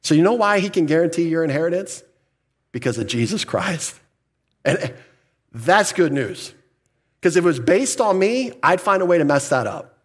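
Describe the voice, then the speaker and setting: A man's voice: a little high, big pitch swings, normal speed, pauses often. A man pastor preaching a sermon, putting questions to the congregation, answering them himself, and chuckling now and then.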